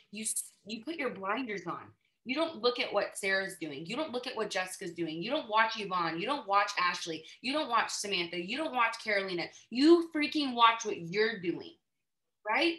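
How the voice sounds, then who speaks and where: A bright, forceful woman talks to her team over a video call. She keeps the energy high and checks in with "right?" after every few lines. The sound is echoey, as if she is in a bare room. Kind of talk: motivational call talk.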